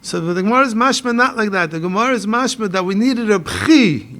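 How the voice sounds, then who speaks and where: A man's voice: sits high, big pitch swings, a little fast, hardly any pauses, fairly bright tone. A man with a Yeshivish American accent giving a Torah lecture as a rabbi, mixing Hebrew and Yiddish phrases into his English as he reads texts and questions them. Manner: questioning, builds up a puzzle.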